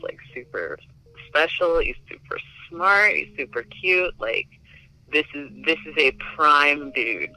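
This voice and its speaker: A man's voice: mid-range voice, bright, forceful tone, low-quality recording. A man telling a personal story in a casual, chatty way, filling his speech with "like" and "um". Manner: chatty, filler-heavy with many likes. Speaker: interviewee.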